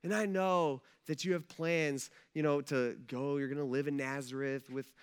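A man voicing God in a sermon, speaking low and quietly as if confiding. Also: fairly even intonation, moderate pace, clear, resonant tone, natural voice. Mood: gentle. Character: calm, gentle God speaking softly.

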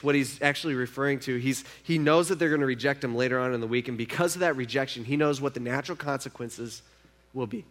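A pastor with a medium-pitched voice preaches a sermon conversationally, shifting from hushed, slow remarks to loud, emphatic ones.

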